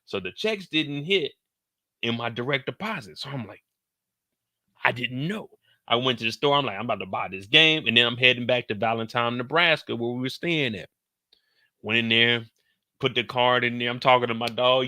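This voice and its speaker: A man's voice: mid-range voice, moderate pace, dry recording, studio quality. A man in his thirties hosting a show, telling a story casually, with lots of swearing and acted-out dialogue. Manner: animated, profane, acts out quoted dialogue. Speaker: show host.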